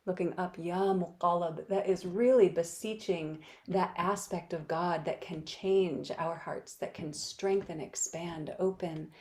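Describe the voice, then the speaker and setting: Gentle woman spiritual teacher on a video call, slightly low voice, soft and whispery, jokes now and then. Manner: soft-spoken, often dropping to a whisper, playful asides. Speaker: spiritual teacher leading an online practice.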